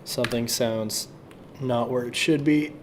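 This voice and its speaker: While making music live on stream, a man keeps a relaxed running commentary for himself and his chat, swearing here and there. His medium-pitched voice is a little slow and fairly even, over a faint hiss or hum.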